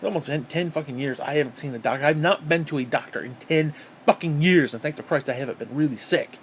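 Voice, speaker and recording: A man's voice: on the high side, quick pace, a little hiss or hum. A man from upstate New York delivering an angry, profane, sarcastic political rant on his vlog. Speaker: vlogger.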